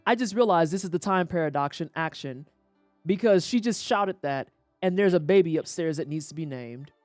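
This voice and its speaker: Brief: woman game streamer, lively swooping pitch, dry close sound, profane rants. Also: normal speed, dry recording, soft background music. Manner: animated, profane ranting with quoted voices. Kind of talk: casual livestream commentary.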